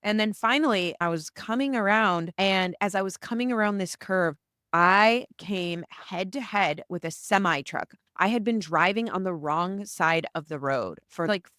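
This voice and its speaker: Animated American woman telling stories. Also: mid-range voice, moderate pace, no room sound, clean studio sound. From United States. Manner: animated, chatty storytelling. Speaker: podcast host. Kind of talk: solo storytelling podcast.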